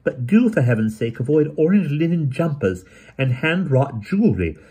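A man voicing a brisk, severe young woman who speaks in a crisp, emphatic, commanding way. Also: on the high side, sing-song, dark tone, pitched above the performer's own voice, heavily acted.

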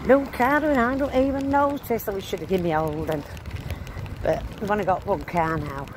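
Strolling outdoors in town, the older woman keeps up a brisk, chatty ramble in broad dialect for her vlog, her pitch medium. The street recording from her phone is noisy with passing traffic.

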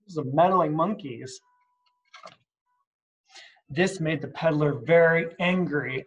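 A man's voice: fairly high pitch, unhurried, fairly bright tone, low-quality recording. A man reading a picture book aloud at story time, adding chatty asides and asking the kids questions, at home. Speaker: reader at children's story time.

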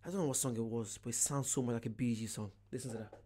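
A man hosting a reaction video, chatting casually in an excitable way and laughing often. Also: mid-range voice, very fast, loud music behind the voice.

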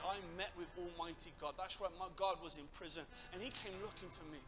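A young man preaching a sermon, impassioned and building to loud, emphatic peaks. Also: high-pitched, steady tone, quick pace, music in the background, rough recording. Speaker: guest preacher.

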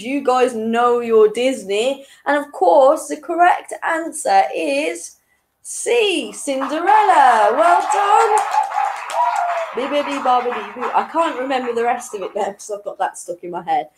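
A woman's voice: sits high, expressive, takes it slowly, a little mellow, low-quality recording. A young woman hosting an online quiz in a chatty, casual way, chuckling between questions. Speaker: quiz host.

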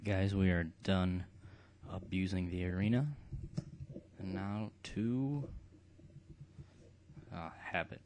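A man's voice: low-pitched, slight background noise. A man hosting a video game let's play, talking through his playthrough in a laid-back, offhand way. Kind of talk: casual game commentary.

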